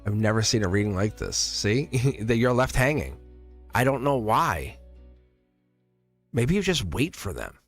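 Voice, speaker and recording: A man's voice: fairly low pitch, big pitch swings, measured pace, long pauses, faint music behind. Chatty, reassuring male tarot reader. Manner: chatty, emphatic and reassuring, laughs often between phrases. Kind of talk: casual live-stream tarot reading.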